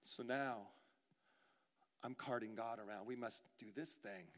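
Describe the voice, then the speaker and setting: Dramatic preacher with a bright voice. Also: male voice, mid-range voice, measured pace. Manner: dramatic, swinging from loud pleading to near-whispers. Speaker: pastor. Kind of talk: sermon. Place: church sanctuary. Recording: long reverb of a church hall.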